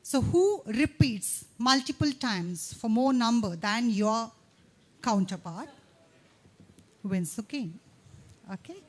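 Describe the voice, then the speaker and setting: High-voiced upbeat woman emcee. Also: lively intonation. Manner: upbeat, coaxing, rattles off tongue twisters fast. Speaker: event emcee. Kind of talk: lively stage hosting. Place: campus event hall.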